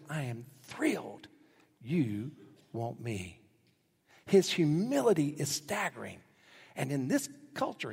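A middle-aged male pastor preaching a sermon, telling stories animatedly and acting out quotes with sudden jumps in pitch. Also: darkish tone. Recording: husky voice with long hall reverb.

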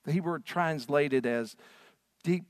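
Preacher guy on stage, kinda high voice, dry mic, earnest and pushing hard. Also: measured pace, no room sound. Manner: earnest preaching, rising and emphatic. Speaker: pastor. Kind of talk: sermon. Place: church stage.

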